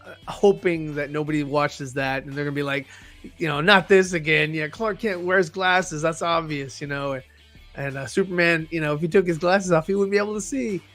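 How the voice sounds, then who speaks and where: A man's voice: a little high, fairly even intonation, fairly quick, fairly bright tone, soft background music. A man co-hosting a casual nerd podcast, joking, laughing often and swearing casually. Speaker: podcast co-host. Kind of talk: casual chat.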